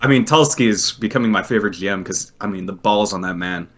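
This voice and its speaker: Bright, animated man in casual chat. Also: fairly low pitch, fast. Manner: animated, laughs often, trails into restarts.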